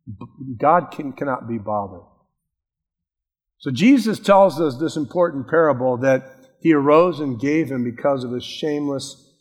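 A man preaching a sermon with a fairly high voice, slipping into lively acted voices as he tells the story. His voice rings out with a long reverb, as in a large church hall. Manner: animated storytelling, acting out quoted voices. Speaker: pastor.

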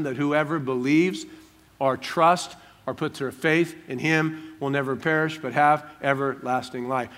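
A man's voice: a little high, a bit bright. A man preaching a sermon in church, talking in a humorous, conversational way with everyday stories. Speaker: pastor.

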